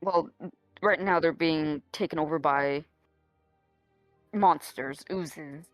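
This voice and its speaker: A woman playing a tabletop role-playing game, speaking haltingly with many restarts. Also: low-pitched, no echo, soft background music. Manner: hesitant, halting, full of restarts. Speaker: player. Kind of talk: tabletop role-play chat.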